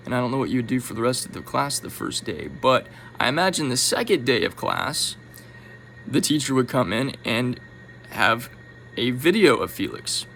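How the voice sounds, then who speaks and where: A man talking to camera in an animated, musing monologue, with sudden soft drops in his voice. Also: mid-range voice, normal speed, creaky, slight background noise, rough recording. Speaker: vlogger.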